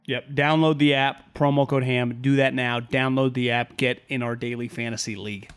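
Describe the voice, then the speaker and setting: A man co-hosting a casual sports podcast, rambling and animated, with some swearing. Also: mid-range voice, normal speed, smooth. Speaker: podcast co-host.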